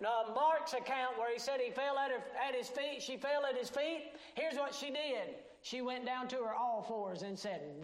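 A male pastor preaching a sermon, folksy and plain-spoken, swinging between loud emphasis and hushed tones. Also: extremely high pitch, moderate pace, few pauses, roomy sound.

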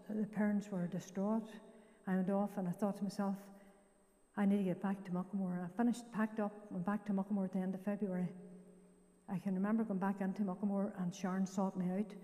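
A woman's voice: medium pitch, dark tone, in a large hall. An older woman with a Northern Irish accent gives her testimony at a church service, telling her story plainly and acting out what each person said. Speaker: guest giving her testimony. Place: church hall.

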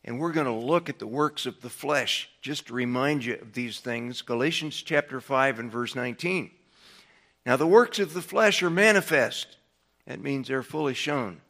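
Man, preacher, evening sermon, bright forceful voice, slightly high pitch, folksy, emphatic rises on word lists. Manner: rises in pitch and volume to stress lists of words, then drops low; folksy, with fillers and restarts. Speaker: pastor.

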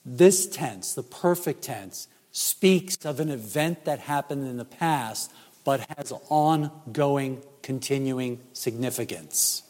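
A man preaching a sermon as pastor, emphatic and measured, with rhetorical questions. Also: mid-range voice, darkish tone. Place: church sanctuary. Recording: church hall reverb.

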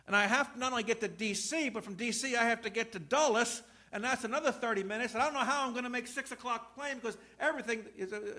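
A high-pitched man preaches in a church, telling a personal story and slipping in jokes. His bright, forceful voice moves from loud preaching to soft confiding and back, and he stumbles over and repeats words when he gets going.

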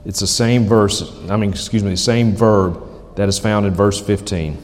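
A man preaching a sermon, emphatic, slowly repeating key phrases for weight. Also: on the low side, steady tone, big-room sound. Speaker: pastor.

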